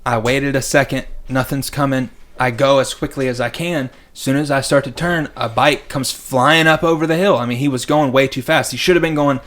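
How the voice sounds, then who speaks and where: A man's voice: mid-range voice, fairly even intonation, a little fast, few pauses, fairly bright tone. A young adult man co-hosting a podcast, telling rambling stories in casual chat and acting out the people in them. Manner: rambling anecdotes, acts out quoted people. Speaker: podcast co-host.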